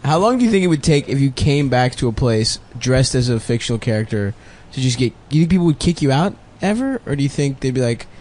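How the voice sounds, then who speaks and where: A man in a casual comedy podcast chat, chiming in with quick, profane reactions and laughter. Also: mid-range voice, big pitch swings, darkish tone.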